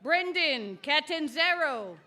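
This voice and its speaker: Woman, graduation name announcer; high, bright voice, loud measured calling at an outdoor ceremony. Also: lively intonation, some chatter behind, a little hiss or hum. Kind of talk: reading out graduates' names.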